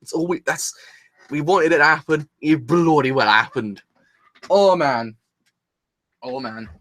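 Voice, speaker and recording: A man's voice: fairly high pitch, a little slow, a bit bright, no room sound. A young man hosting an anime reaction video, gushing and exclaiming in a breathless, rambling way. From England. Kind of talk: excited solo reaction video.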